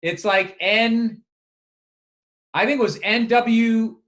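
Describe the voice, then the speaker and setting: A man with a fairly high voice, talking loosely on a podcast mic. He circles around his point with restarts and casual swearing. He sounds relaxed and conversational. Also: takes it slowly. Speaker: comedian and podcast co-host. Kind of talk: casual chat.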